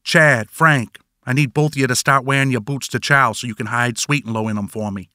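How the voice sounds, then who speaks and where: A man's voice: medium pitch, brisk, sharp tone, dry recording, studio quality, close to an everyday voice. A man voicing a joking male gang member who mimics his boss in a fake Boston accent, dropping his R's in a mocking way.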